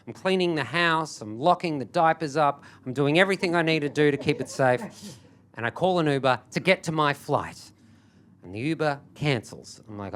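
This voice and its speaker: A man doing stand-up, telling a self-mocking story with animated, building energy. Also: a little high, normal speed. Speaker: stand-up comedian. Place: live comedy stage.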